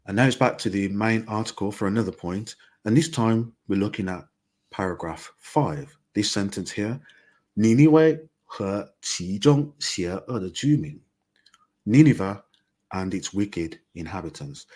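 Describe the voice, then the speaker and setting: Low husky male Mandarin teacher. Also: expressive, measured pace, a little mellow. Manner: clear, patient, with stressed example phrases. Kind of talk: explaining grammar in a recorded lesson.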